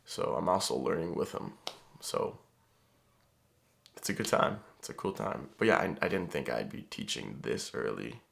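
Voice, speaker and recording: A man's voice: very deep voice, normal speed, gravelly. A young man talking casually to the camera in a rambling vlog, with lots of fillers. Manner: relaxed, rambling, frequent fillers.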